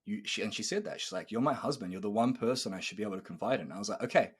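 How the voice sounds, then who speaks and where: Very fast and husky, with fairly low pitch, a thirty-something coach chats casually on his podcast. He animatedly tells stories, plays out the quoted exchanges, and uses profanity.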